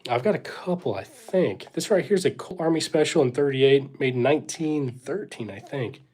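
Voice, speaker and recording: Speaking at a moderate pace, this young man has a medium-pitched, darkish, slightly rough voice with lively intonation. He hosts a casual live Q&A stream in a laid-back, hesitant way, with plenty of fillers and shrugged-off asides, reading viewers' questions aloud and thanking them as he goes.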